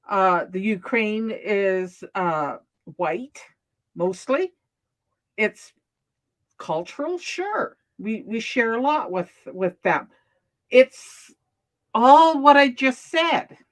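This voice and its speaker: A woman talking in a casual opinion chat, halting and restarting often, with frequent laughs. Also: a little high, lively intonation.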